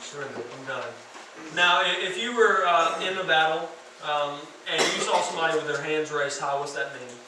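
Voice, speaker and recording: A man preaching as a youth pastor in a church hall, animated and asking the crowd questions. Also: a little high, normal speed, hardly any pauses, noisy background. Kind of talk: sermon. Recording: echoey hall from far off.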